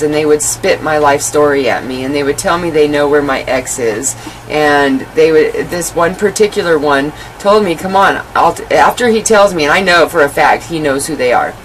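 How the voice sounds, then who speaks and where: A woman's voice: low voice, moderate pace, hardly any pauses, a little hiss or hum, low-quality recording. A woman guest in an interview, telling her life story candidly and animatedly, with many "you know" fillers.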